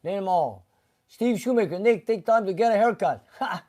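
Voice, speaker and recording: A man with a somewhat high voice hosts a casual live stream from his garage. He reads viewer comments aloud one after another, chatting loosely about each, and now and then slips into Greek phrases. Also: animated, moderate pace, darkish tone. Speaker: host reading live chat. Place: car garage shop.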